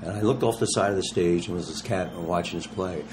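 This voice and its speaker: A man in his sixties with a fairly low voice, talking as a guest in a casual interview. He tells animated stories full of slang and acts out what others said, with a faint hum of noise behind him. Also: a little fast. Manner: animated, slangy storyteller who acts out quotes. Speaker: touring rock musician, guest.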